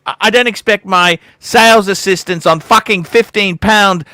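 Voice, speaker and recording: A man's voice: sits high, normal speed, sharp tone, dry recording, clean studio sound. A man hosting a casual livestream chat, talking bluntly and swearing freely. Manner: blunt, swearing, mimics others in quotes. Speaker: livestream host.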